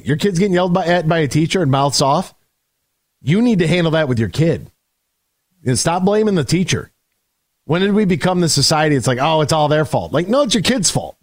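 A man hosts a sports talk show, launching into an emphatic, opinionated rant. His voice sits on the higher side for a man. He leaps up for punchy lines and drops low to grumble, all recorded dry and close in a studio. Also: dry recording. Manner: emphatic, ranting, swings between shouted punchlines and low grumbles. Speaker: sports radio host. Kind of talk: opinionated radio monologue.

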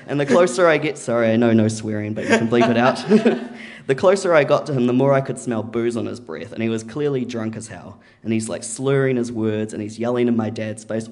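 A man, pitched in the middle, telling a story at a live event. His delivery is loose and conversational, full of "like" and "you know", and he slips into quoted voices along the way. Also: fairly quick, darkish tone. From New Zealand. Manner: casual and chatty, heavy with "like" and "you know", acts out quotes.

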